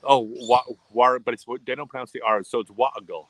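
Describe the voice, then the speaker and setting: A man's voice: mid-range voice, level tone, a little fast, a bit bright, dry recording, rough recording. A middle-aged man chatting casually on a livestream, rambling and often restarting his sentences. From United States. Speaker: livestream host.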